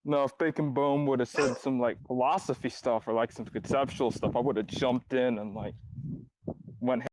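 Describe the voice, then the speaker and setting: A man's voice: mid-range voice, steady tone, normal speed, background noise. A man in a casual group voice chat, speaking hesitantly with many fillers.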